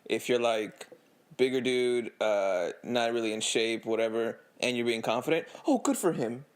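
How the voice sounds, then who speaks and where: A man's voice: medium pitch, moderate pace, clean tone. A man co-hosting a podcast, chiming in during casual chat with short, dry remarks and plain opinions. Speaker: podcast co-host.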